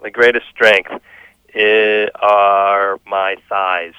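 Low-voiced man, dull dry recording. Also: extremely slow, clean tone, no room sound. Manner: relaxed, chuckling, thoughtful. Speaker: guest, children's book author and illustrator. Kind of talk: casual interview chat.

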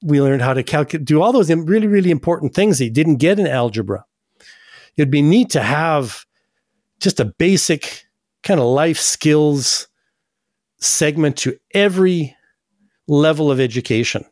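A man's voice: on the high side, expressive, normal speed, darkish tone, dry recording, clean studio sound. A man hosting a radio show, chatty and anecdotal, with frequent asides. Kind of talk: casual radio talk.

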